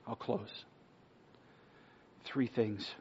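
A man preaching a sermon earnestly, sometimes dropping to a hush for emphasis, then closing in prayer. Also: fairly low pitch, fairly even intonation, very slow, slightly rough. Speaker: pastor. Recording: dull lo-fi sermon recording.

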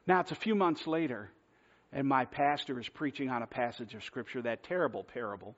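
A man's voice: medium pitch, expressive, a little fast, fairly bright tone. A man preaching a sermon, telling a self-deprecating personal story in a conversational way. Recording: dull lo-fi sermon recording.

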